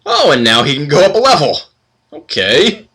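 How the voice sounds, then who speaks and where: A man's voice: fairly high pitch, wildly swooping pitch, moderate pace, sharp tone, slightly rough. A man hosting a let's play, reading game text aloud and commenting casually with wry asides.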